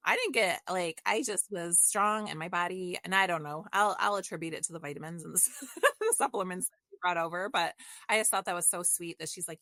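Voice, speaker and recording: A middle-aged woman, guesting on a podcast, shares a personal story in casual conversation, openly, reflectively and with emotion. Her voice is fairly low, fairly quick, pushed and bright, with no room sound.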